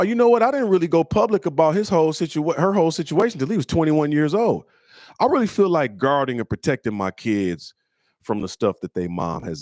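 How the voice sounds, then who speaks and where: A middle-aged man from Michigan hosting a comedy call-in show. He tells stories in casual slang, acts out the people he quotes in a higher voice, and turns blunt and preachy. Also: darkish tone, dry recording, studio quality. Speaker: comedian host answering listener questions. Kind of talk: casual storytelling chat.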